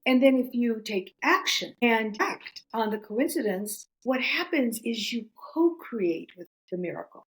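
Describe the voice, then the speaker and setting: A middle-aged woman, a podcast guest, telling a personal story in animated casual talk. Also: a little high, a little slow, few pauses, poor audio. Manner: animated, chatty, acts out quoted voices.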